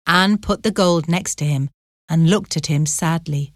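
Woman reading a story aloud, slow and measured, dry close sound. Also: deep voice, no room sound. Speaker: narrator. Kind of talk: storybook narration.

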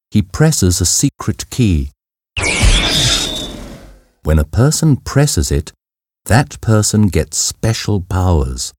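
A man reading a simple story aloud as a narrator, slow and clear. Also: low voice, mellow, no echo, clean studio sound. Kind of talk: scripted narration of a graded reader.

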